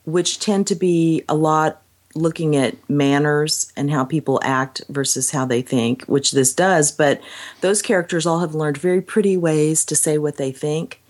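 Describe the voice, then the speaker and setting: Woman, low voice, casual thoughtful book talk, chatty with lifts in pitch. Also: measured pace, darkish tone. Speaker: book discussion co-host.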